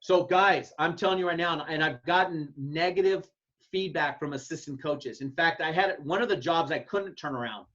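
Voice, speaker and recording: Blunt folksy coach, dull lo-fi sound. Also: male voice, a little high, moderate pace. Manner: blunt, folksy, acts out his own yelled calls. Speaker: head football coach. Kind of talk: casual advice talk to coaches.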